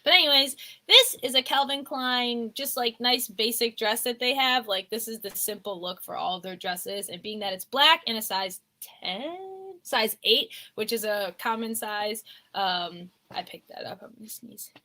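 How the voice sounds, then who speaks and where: Young woman co-host, bright and a bit high, rambling live-stream chatter with frequent laughs. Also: a little slow. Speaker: co-host of a clothing resale channel. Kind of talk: casual live-stream haul chat.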